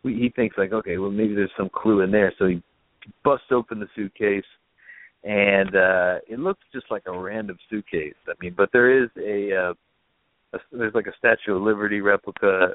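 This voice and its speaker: Low-voiced man, tinny rambling recap. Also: normal speed, no echo. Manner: rambling, filler-heavy retelling. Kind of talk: casual film recap chat. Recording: tinny phone-like line.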